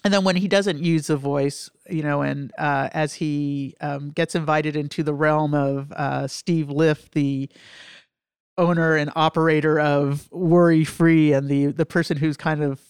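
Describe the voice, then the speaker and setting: A woman, a film critic and guest, talking over a film in a thoughtful, halting way with many fillers, her voice nasal from allergies. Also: low voice, steady tone, darkish tone, clear, resonant tone, no room sound, studio quality. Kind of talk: conversational film discussion.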